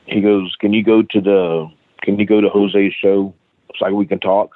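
A man's voice: fairly low pitch, normal speed, no echo. A middle-aged man, a guest on an interview show, telling a story in a casual, profane way and acting out the quoted dialogue. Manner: profane, animated anecdote with acted-out quoted dialogue. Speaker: guest, wrestling trainer. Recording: tinny phone-like line.

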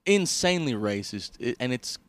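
A man's voice: medium pitch, normal speed. A young man co-hosting a comedy podcast, telling stories casually and laughing often. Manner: laughs often, animated storytelling. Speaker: podcast co-host.

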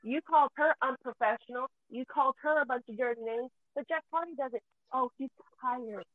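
Fired-up woman cussing through a rant, kinda high voice, sounds like over a phone. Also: fairly quick, no room sound, narrow, tinny audio. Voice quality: profane, heated, voice near tears. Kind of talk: angry emotional rant.

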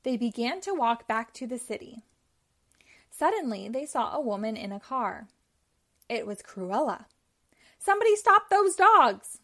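A woman reading a children's storybook aloud, telling it clearly and expressively. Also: fairly high pitch, lively intonation, normal speed, pauses often. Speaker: storybook reader.

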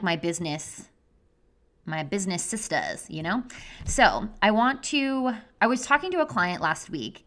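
A woman's voice: fairly low pitch, a bit bright. A woman hosting her own podcast as a health coach, talking in a chatty, effusive way full of "like" fillers. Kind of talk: casual solo podcast talk.

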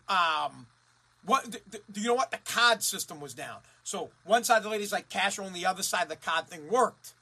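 A man from Massachusetts in a profane, heated rant who swears constantly, repeats himself and rises to shouting. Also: sits high, slightly rough. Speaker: ranting commentator.

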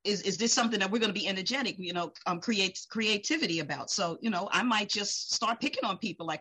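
Lively Caribbean-born woman, bright husky voice. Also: mid-range voice, fast, hardly any pauses, poor audio. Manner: lively storyteller, acts out quotes, laughs often. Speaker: guest speaker. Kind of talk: casual interview chat.

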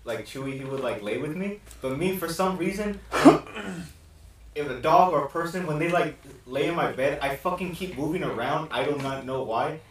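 Young male podcast co-host, animated, profane storyteller; slightly high voice, boomy echo. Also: moderate pace, a little hiss or hum. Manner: swears a lot, animated storytelling. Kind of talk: casual chat. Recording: echoey room, mic far off.

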